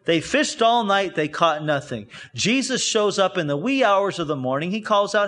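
High-voiced man preaching a sermon. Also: expressive, moderate pace, a bit bright. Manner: conversational storytelling preaching with frequent restarts. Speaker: pastor. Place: church.

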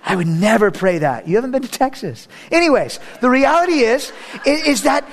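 A high-voiced man preaching a sermon as the pastor of a church service. He swings between loud, raised appeals and soft, low prayer, with joking asides in between. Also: expressive, moderate pace.

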